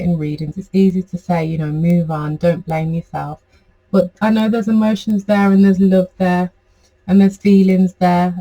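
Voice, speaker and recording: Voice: medium pitch, dark tone, poor audio. A tarot reader giving a casual, chatty reading to camera, rambling with many fillers.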